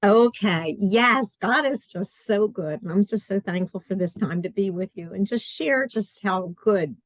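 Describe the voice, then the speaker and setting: Speaking from a study at home over a video call, a middle-aged guest who works as an adaptive curriculum writer talks casually and earnestly, performing her own quotes. She has a mid-range voice and an unhurried pace, with no room sound.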